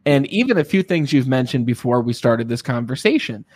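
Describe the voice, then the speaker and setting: A man hosting an interview, telling stories in a casual, animated way and often checking in with his guest. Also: medium pitch, fairly quick, no echo, clean studio sound. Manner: animated storyteller, frequent tag questions. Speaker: podcast host.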